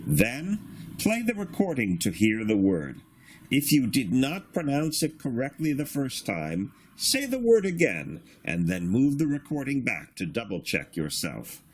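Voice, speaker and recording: A man teaching a beginner reading lesson in a patient, instructive way, sounding out syllables slowly. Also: medium pitch, very animated, slightly rough. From Australia. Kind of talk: slow recorded reading lesson.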